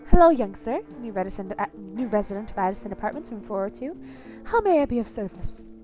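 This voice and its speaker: A woman's voice: medium pitch, big pitch swings, fast, a little mellow, soft background music, close to an everyday voice. A woman voicing an overly formal, mysterious man who speaks with fussy, ornate politeness. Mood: pompous.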